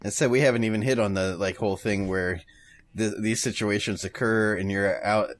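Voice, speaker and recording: A man's voice: on the low side, steady tone, normal speed, no room sound. A married man co-hosting a podcast, chatting casually, laughing often and swearing freely. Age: adult, married. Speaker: podcast co-host. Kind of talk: casual rambling chat.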